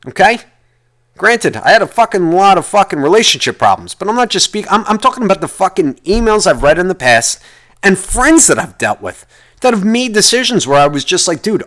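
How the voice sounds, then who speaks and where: A man based in the United States hosts a solo podcast, venting in a rambling rant and swearing constantly. His voice is high and a bit bright.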